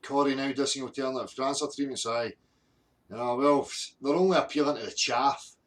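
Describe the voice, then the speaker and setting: A man's voice: mid-range voice, a little fast. A Scottish man hosting a live stream, ranting bluntly with heavy swearing and greeting viewers from the chat. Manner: angry, heavily sweary, blunt. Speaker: livestream host.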